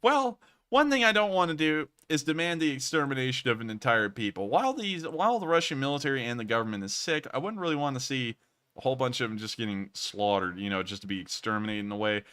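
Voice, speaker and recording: Bright, crisp-voiced man hosting a livestream. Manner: deliberately raises pitch for a lively delivery. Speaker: livestream host reading donations. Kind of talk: casual livestream commentary.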